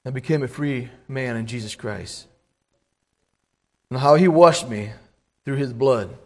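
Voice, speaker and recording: A middle-aged man giving an informal sermon, halting and repeating words, clearing his throat often and reading scripture aloud in old-fashioned wording. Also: medium pitch, a little mellow. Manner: reads scripture aloud in King James wording. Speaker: lay preacher.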